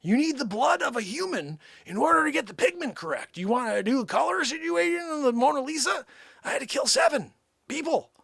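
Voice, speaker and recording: A man playing a boastful male time traveler who claims famous past lives, rambling with shouting outbursts. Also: extremely high pitch, big pitch swings, a little fast, gravelly, no echo, studio quality, voice pushed up, heavily acted. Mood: manic boasting.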